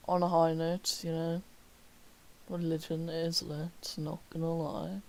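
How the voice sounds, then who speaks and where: A man's voice: on the high side, monotone, takes it slowly, darkish tone, poor audio. A young man reading his homework aloud on a stream, breaking off into wry joking asides. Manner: wry, slips into whispered mock remarks. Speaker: student streamer.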